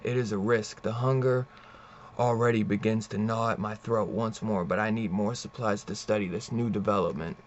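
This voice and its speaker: A man's voice: lowish voice, steady tone, moderate pace, close to an everyday voice. Guy reading out a brooding vampire scientist, grim monologue, muffled lo-fi sound. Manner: grim, brooding inner monologue read aloud. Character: tormented male living vampire scientist. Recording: dull lo-fi with faint hiss.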